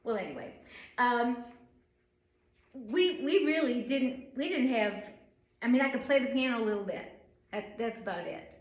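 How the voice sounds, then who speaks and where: A woman's voice: fairly high pitch, animated, normal speed, long pauses. A middle-aged woman from the northern United States teaching an informal Bible study, rambling and chatty with many fillers. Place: church room. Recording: echoey room.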